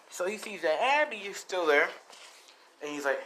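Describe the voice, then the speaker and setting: A man's voice: on the high side, expressive, a little fast, heavy background noise. A man casually telling a fan story, rambling, with lots of fillers and swearing.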